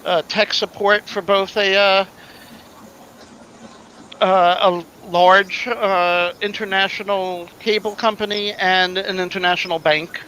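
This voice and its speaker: A man's voice: sits high, flat delivery, slow, sharp tone, a little hiss or hum, rough recording. A man hosting a casual livestream panel, telling easygoing, joking stories. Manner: chatty storyteller, easygoing and joking. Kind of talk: casual chat.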